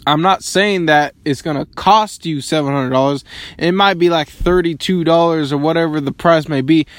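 A man's voice: on the high side, moderate pace, dry recording. A man in his early twenties rambling casually, swearing often and filling his questions with "like". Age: 20s.

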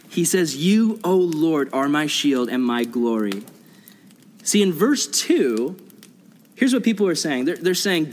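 A young man preaching a sermon to a youth group, earnest, often asking the audience questions. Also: a little high. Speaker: youth pastor. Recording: long reverb of a hall.

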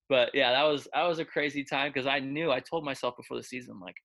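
Talking fast with hardly any pauses, a quarterback coach with a gravelly, medium-pitched, slightly bright voice tells stories in a laid-back interview. He keeps it loose and chatty, stuffed with filler words, and acts out the quotes.

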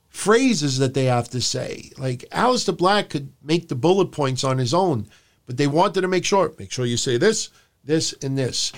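A man co-hosting a wrestling podcast, ranting bluntly and sarcastically with casual swearing. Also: a little high. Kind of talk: casual opinionated podcast commentary.

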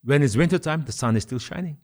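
A middle-aged man from Nagaland, preaching a sermon in emphatic, repetitive phrases that rise and fall in loudness. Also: fairly high pitch, expressive, fast. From Nagaland, India. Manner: emphatic, builds with repeated phrases and swings of loudness.

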